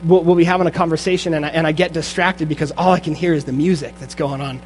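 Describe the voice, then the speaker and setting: A young adult man preaching a sermon in church, lively and full of restarts, turning quiet and slow for a guided meditation. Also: on the high side, a little hiss or hum. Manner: energetic with frequent restarts, then hushed guided meditation. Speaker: pastor. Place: church sanctuary.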